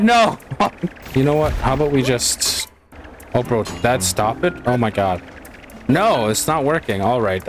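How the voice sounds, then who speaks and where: A man giving casual gameplay commentary, muttering to himself, swearing and yelping in frustration. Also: medium pitch. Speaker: gaming channel host. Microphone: headset. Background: game music.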